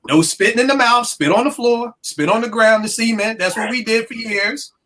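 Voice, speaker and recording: A woman in her forties on a casual podcast, talking in an emphatic, animated, profane way. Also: a little high, moderate pace. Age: 40s.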